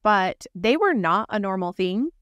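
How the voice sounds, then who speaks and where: A woman co-hosting a casual podcast, talking in an animated way and acting out remarks she quotes. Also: mid-range voice, a little slow, dry recording, lo-fi sound. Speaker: podcast co-host. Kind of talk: casual conversational podcast chat.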